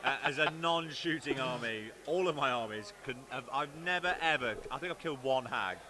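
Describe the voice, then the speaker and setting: Bright-toned male co-commentator, playful. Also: mid-range voice, brisk. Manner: playful, mock-outraged. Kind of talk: casual live-stream banter.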